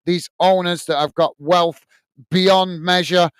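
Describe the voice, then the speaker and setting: Taking things slowly, a UK host of a football fan livestream chats through viewer comments in British English with a higher, clear voice and fairly even intonation. He uses lots of fillers and restarts and tosses friendly asides to viewers, with no room sound.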